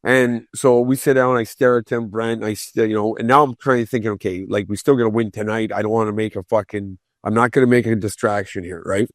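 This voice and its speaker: Man, podcast guest, former hockey player, salty and animated storytelling, dry close sound. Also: lowish voice, fairly quick, few pauses, dry recording. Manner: profane, animated, acts out quoted voices.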